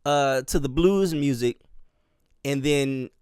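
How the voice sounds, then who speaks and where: A man's voice: medium pitch, takes it slowly, darkish tone, clear, resonant tone, no echo, studio quality. Rambling Southern man chatting solo. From Miami and Charleston, US South. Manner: rambling, with many fillers and restarts. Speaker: dance teacher and podcast host. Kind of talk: casual solo chat.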